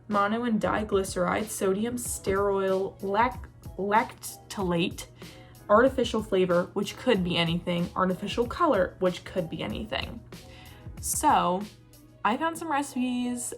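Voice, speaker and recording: A woman's voice: mid-range voice, unhurried, soft background music. Chatty young woman rambling to camera. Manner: chatty and rambling, with many fillers and self-corrections. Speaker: vlogger. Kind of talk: casual talking-to-camera vlog.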